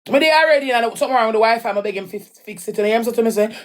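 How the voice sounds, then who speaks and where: A woman's voice: a little high, racing, hardly any pauses. A Jamaican woman telling an emotional personal story in a raw, emphatic way, often repeating her lines. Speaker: livestreamer.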